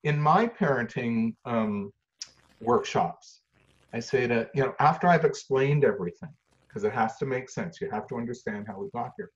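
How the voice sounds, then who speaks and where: A man at an ordinary middle pitch talks through parenting advice, lively and full of acted-out moments, his voice rising and dropping as he goes. The recording is dull and lo-fi. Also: normal speed. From Canada. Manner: lively, acts out scenes with shifting voice and volume. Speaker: parenting expert, workshop leader. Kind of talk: animated storytelling explanation. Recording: dull lo-fi sound.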